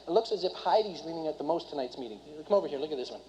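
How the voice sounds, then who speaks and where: Fast-talking man at a seminar. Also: a little high, slight background noise. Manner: rapid and animated, keeps quizzing the audience. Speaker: seminar speaker and business trainer. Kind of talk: live motivational seminar talk. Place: meeting room before a live audience. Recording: dull lo-fi recording.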